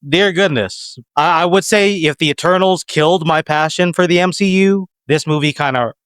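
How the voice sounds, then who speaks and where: A man's voice: a little high, moderate pace, clean tone, no echo. A man co-hosting a podcast, chatting casually and giving strong opinions, sometimes restarting his sentences. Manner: animated, opinionated, trails off with restarts. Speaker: podcast co-host. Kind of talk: casual chat.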